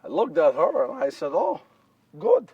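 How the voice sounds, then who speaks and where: A man's voice: a little high, wildly swooping pitch, normal speed, a little mellow, husky, no room sound, far from the mic, muffled recording, exaggerated voice. A man performing a first-person monologue as Joseph, a nervous and earnest nineteen-year-old Jewish husband, telling his story in a wry, rambling way with repeated phrases. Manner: repetitive, wry storytelling with self-corrections. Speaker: solo stage performer. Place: live stage before an audience.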